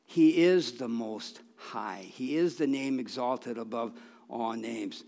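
In a church sanctuary, a male pastor preaches a sermon in a mid-range voice with a darkish tone and slow pace. His folksy, conversational style includes restarts and bursts of emphasis, and the recording carries the long reverb of a church hall.

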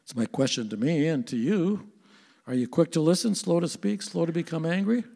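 An older man gives a sermon in a church sanctuary, his voice a bit higher than most men's. He preaches in an earnest, conversational way, often turning to his listeners with questions. The sound carries a long reverb from the hall. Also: brisk, creaky, mellow. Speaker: pastor.

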